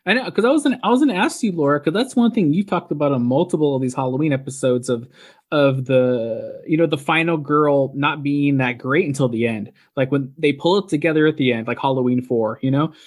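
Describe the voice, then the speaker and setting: Chatty man with a higher voice. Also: a little fast. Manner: chatty, filler-heavy, lots of "like" and "you know". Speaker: podcast co-host. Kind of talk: casual movie review chat.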